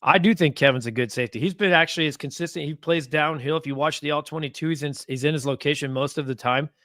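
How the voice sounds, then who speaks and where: A man's voice: fairly high pitch, fast, no echo, clean studio sound. A man hosting a casual live sports talk stream, reading comments and getting heated as he rants. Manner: animated, gets heated and rants.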